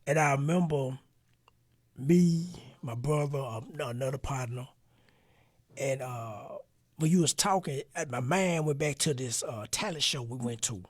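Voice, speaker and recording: A man hosting a podcast interview, telling a story in an animated, slangy way. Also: medium pitch, a little slow, slightly rough, no room sound, studio quality. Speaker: podcast host. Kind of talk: casual interview chat.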